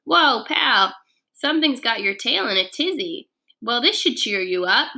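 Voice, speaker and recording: A woman voicing a cheerful, loud man janitor with a booming, upbeat manner. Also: expressive, unhurried, full character voice. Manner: booming, upbeat, high-pitched.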